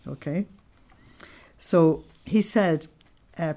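Woman, low-pitched voice, religious study teacher, explanatory, checks in with listeners. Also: slow pace, pauses often, dark tone. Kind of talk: devotional study talk.

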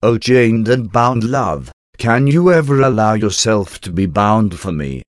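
Man, lowish voice, dry close sound, slow reverent prayer reading in short phrases. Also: lively intonation, no room sound. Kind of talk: reading a devotional prayer aloud.

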